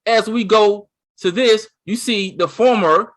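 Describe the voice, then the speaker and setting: Talkative man co-host, pitched a bit high, rambling and excitable, lots of false starts. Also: a little slow. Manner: excited, rambling, with lots of restarts and "you see what I'm saying". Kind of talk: casual chat.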